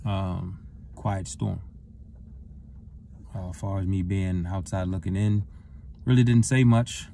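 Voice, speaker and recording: A middle-aged man, a retired football player, telling a personal story in a loose, rambling way that gets lively as he relives it. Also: sits low, slow pace, long pauses, a little hiss or hum. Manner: relaxed, rambling with fillers, gets animated retelling the encounter. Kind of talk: casual storytelling monologue.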